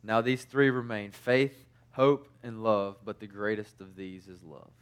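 A man's voice: lowish voice, unhurried, clean tone. A man preaching a sermon in a casual, conversational way, telling personal stories with many fillers and restarts.

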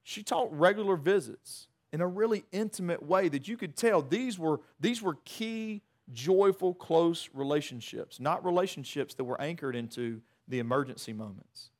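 A middle-aged man, preaching a sermon in a conversational, animated way with many restarts. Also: fairly high pitch, moderate pace, hardly any pauses. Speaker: pastor.

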